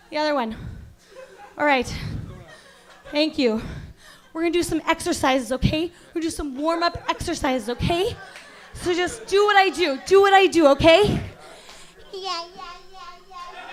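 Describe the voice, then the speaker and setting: A woman performs stand-up at a comedy venue, posing as a self-serious acting coach. Her voice sits very high, and her deadpan lectures flip into sudden outraged yelling. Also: measured pace, long pauses, a faint crowd. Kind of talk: stand-up comedy set with crowd work.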